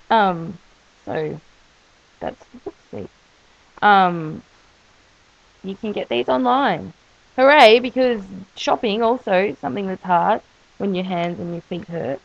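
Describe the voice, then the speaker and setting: A woman's voice: medium pitch, expressive, a little slow, gravelly, no room sound, poor audio. A woman vlogging casually about her life, rambling and making self-mocking jokes as she goes. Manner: chatty, self-mocking, jokey asides. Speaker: vlogger sharing her illness story. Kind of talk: casual rambling video diary.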